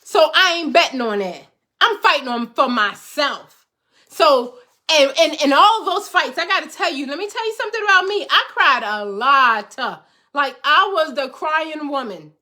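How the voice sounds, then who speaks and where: A woman's voice: high-pitched, lively intonation, normal speed, sharp tone. A middle-aged woman host giving an emphatic motivational talk to viewers, repeating phrases for rhythm like a preacher. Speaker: host, life coach.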